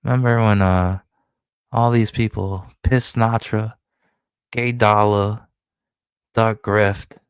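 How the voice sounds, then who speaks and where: Low-voiced man in a profane angry rant. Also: fairly even intonation, slow pace, long pauses, clear, resonant tone, dry recording. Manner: angry, profane, insulting, repetitive. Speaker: streamer. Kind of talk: ranting stream commentary.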